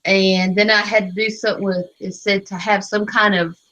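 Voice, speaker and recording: A woman's voice: mid-range voice, flat delivery, moderate pace, sharp tone, dull audio. A woman in a casual group chat, laughing at herself as she explains what she did. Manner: giggly, self-deprecating.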